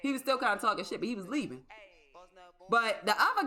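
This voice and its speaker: A woman's voice: high voice, very animated, fast, sharp tone. A young adult woman livestreaming, telling a story in a casual, exclamatory, profane way. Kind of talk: casual storytelling to a live stream.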